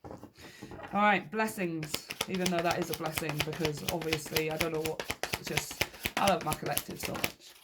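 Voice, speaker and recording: A woman's voice: sits low, fairly even intonation, normal speed, very noisy. A woman giving a casual tarot reading to her viewers, upbeat and encouraging, often laughing and repeating key phrases for emphasis. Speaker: tarot reader.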